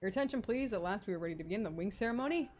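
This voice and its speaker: A woman reading out the lines of a formal male instructor at a knight academy, in her own voice and a little quieter than her usual talk. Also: mid-range voice, animated, very fast, a little hiss or hum, natural voice. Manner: read out plainly, a bit quiet. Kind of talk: reading game dialogue aloud. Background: game music.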